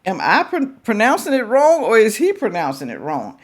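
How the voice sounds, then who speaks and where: A woman's voice: fairly high pitch, wildly swooping pitch, moderate pace. A woman hosting a reaction video, chatting straight to her viewers in a casual, teasing way.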